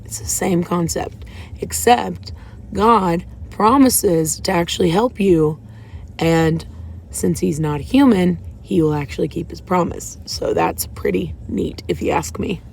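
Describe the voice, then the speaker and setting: This woman's voice is lowish, gravelly and a little mellow, and she speaks at a measured pace over slight background noise. A faith vlogger, she's parked in a parking lot recording a casual confessional vlog, opening up emotionally and rambling somewhat.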